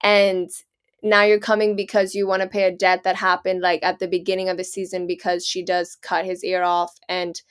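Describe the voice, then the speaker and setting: A woman's voice: lowish voice, completely flat delivery, normal speed, smooth. A woman co-hosting a casual podcast, explaining her ideas thoughtfully with plenty of "like" fillers. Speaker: podcast co-host. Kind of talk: casual chat.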